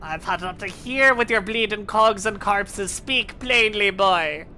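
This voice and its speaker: A gruff old craftsman barks his words bluntly and without patience, played by a woman reading a game aloud. His voice is bright and pushed, full of grumbling scorn. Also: medium pitch, unhurried, faint music behind. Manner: gruff, blunt, scolding, swearing.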